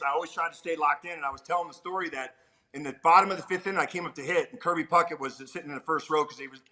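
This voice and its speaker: A middle-aged man, a former pitcher, telling animated stories as a guest on an interview show. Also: low-quality recording. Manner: animated, peppers talk with "man". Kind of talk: casual storytelling chat.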